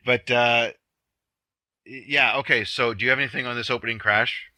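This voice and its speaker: Bright-voiced man rambling in casual chat. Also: mid-range voice, fairly even intonation, moderate pace, no echo. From Canada. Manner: rambling, self-correcting, laughing. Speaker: podcast co-host. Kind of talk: casual movie podcast chat.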